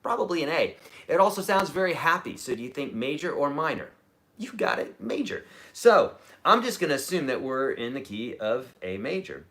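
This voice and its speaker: A man's voice: fairly high pitch, sing-song, normal speed, fairly bright tone. A man teaching a live-streamed guitar lesson, chatty and explaining, humming riffs as he goes.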